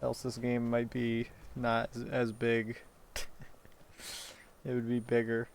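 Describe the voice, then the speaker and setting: A streamer gives casual, rambling commentary while playing a game, his mid-range voice completely flat in delivery. He jokes, swears freely, and is quick to laugh.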